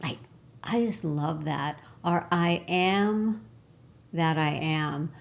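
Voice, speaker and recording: Lady co-host on a spiritual show, lowish gravelly voice, warm and excited, laughs a lot. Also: slow pace. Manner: warm, enthusiastic, laughs often. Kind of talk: casual spiritual chat.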